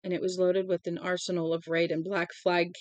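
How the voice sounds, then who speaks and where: A woman reading a novel aloud in a plain, unhurried way, with small slips, into a close mic at home. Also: fairly low pitch, level tone, a little hiss or hum. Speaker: audiobook reader.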